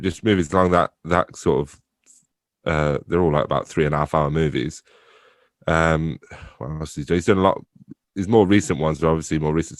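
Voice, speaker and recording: Recorded dry in a clean studio, this low-voiced young adult man is a theatre company director guesting on a podcast. His casual conversation wanders, full of free swearing and frequent laughter.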